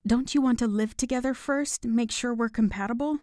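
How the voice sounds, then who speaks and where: Woman reading young heroine, audiobook romance, lifted eager voice, warm, dry close sound. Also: on the high side, a little fast, no echo, pitched above the performer's own voice, lightly acted.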